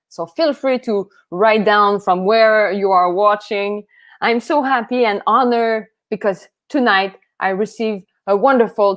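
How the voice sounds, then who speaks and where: Host, woman, French Canadian accent, slow and effusive, stumbles on restarts, live stream. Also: medium pitch. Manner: enthusiastic, effusive, halting restarts. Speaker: podcast host.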